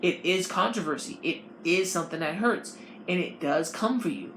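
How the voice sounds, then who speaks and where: A woman's voice: fairly low pitch, moderate pace, slight background noise. Profane, rambling woman podcaster. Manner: animated, profane, rambling delivery. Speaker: podcast host. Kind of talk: casual podcast rant. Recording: roomy, with faint ambience.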